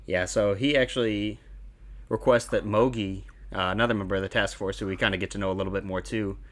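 Chill guy with a lowish voice walking through what happened, lots of uh and like. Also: quick pace. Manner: relaxed, plot-summarizing with lots of fillers. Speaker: podcast co-host. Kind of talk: casual chat recapping an anime.

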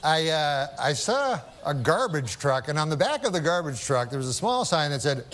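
A male comedian telling jokes in a deadpan, halting manner with many fillers. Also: on the high side. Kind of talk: stand-up and talk-show storytelling. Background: studio audience laughter.

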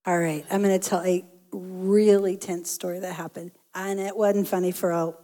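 A woman telling a personal story about her marriage in a casual, animated way, often laughing. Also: fairly low pitch, moderate pace.

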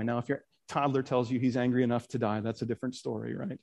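A man's voice: medium pitch, fairly even intonation, fast, vocal fry, few pauses, a little mellow. A man preaching a sermon in an earnest way, reading scripture and creeds aloud with rising emphasis and sometimes stumbling over his words. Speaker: pastor.

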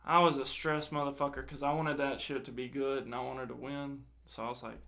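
A man's voice: mid-range voice, brisk, vocal fry. A young man casually telling a personal story, swearing often and acting out quoted dialogue. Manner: swears a lot, animated retelling with quoted dialogue.

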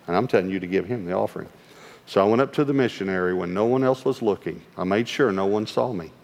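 A male pastor, telling a story from the pulpit with lively acted-out dialogue and sudden hushed asides. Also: fairly low pitch. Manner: animated storyteller acting out dialogue; drops to a hush for quoted lines. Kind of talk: storytelling sermon. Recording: long hall reverb.

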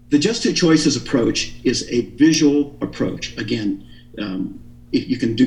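A man's voice: mid-range voice, roomy sound, recorded from a distance, low-quality recording. A man being interviewed, explaining his ideas in an earnest, teaching tone with frequent restarts. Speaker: interview guest. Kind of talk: explanatory radio interview talk.

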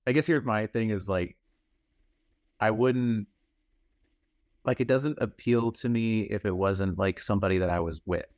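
A man's voice: on the low side, a little slow, pauses often, darkish tone, no echo. A man co-hosting a podcast, telling stories in a laid-back way, full of "like.". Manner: laid-back storyteller, hedges with "like". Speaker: podcast co-host. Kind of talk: casual chat.

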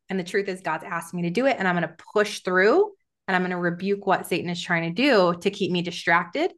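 A woman guest on a podcast, teaching in an earnest, emphatic way, slowing down and stressing her words when she reads scripture. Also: lowish voice, fairly bright tone. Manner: earnest, emphatic, says "right?" often. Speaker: podcast guest, Christian coach.

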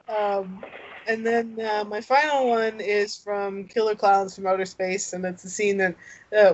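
A woman's voice: mid-range voice, steady tone, slow pace, pauses often. A woman co-hosting a casual chat, laughing often and restarting her sentences. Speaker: podcast co-host. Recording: dull lo-fi sound.

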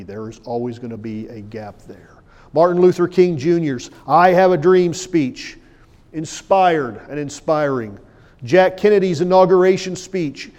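A man's voice: a little high, dull audio. Man preaching in a reverberant hall. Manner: emphatic preaching with big swings from loud to hushed. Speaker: pastor. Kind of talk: sermon. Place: church sanctuary. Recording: long church hall reverb.

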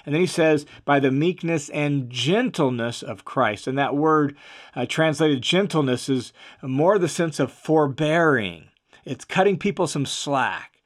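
A man teaches through a Bible passage in a plain, conversational lecture. His voice sits a little higher than most men's. He pauses on fillers and restarts, then presses hard on the words that matter. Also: lively intonation. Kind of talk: explanatory Bible lesson.

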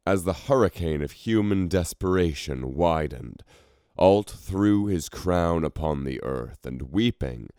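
A man with a remarkably deep voice narrates a fantasy tale at an unhurried pace. His reading rises and falls with lively pitch, and the sound is dry and close. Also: smooth, dry recording. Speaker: storyteller.

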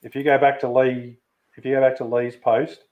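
Speaking at medium pitch with a flat delivery and normal speed, this co-host of a casual livestream teases, curses, and laughs a lot. He's a knife-making gear supplier, heard on a dull, lo-fi recording.

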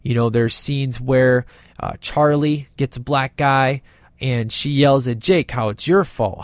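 A man's voice: mid-range voice, unhurried, dry recording, studio quality. A man casually reviewing a movie with enthusiasm, retelling scenes and acting out the characters' lines as he goes.

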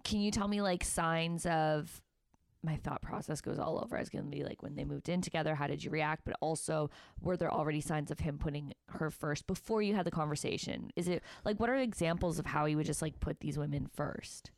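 A woman hosting a podcast in a casual, reactive way, full of exclamations and loose swearing. Her voice is lowish and smooth, recorded close and dry. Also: a little fast, no echo. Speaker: podcast host.

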